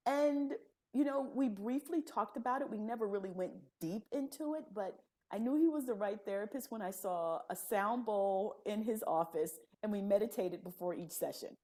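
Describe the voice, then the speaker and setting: A woman guest on a podcast, telling her story in a casual, animated way and acting out the conversations she describes. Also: mid-range voice, normal speed. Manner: animated, laughing storyteller who acts out quoted dialogue.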